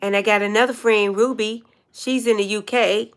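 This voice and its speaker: A woman's voice: mid-range voice, fairly even intonation, moderate pace, clean tone. Older woman rambling on a livestream. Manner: rambling, meandering storyteller. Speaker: livestream host. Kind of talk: casual livestream chat.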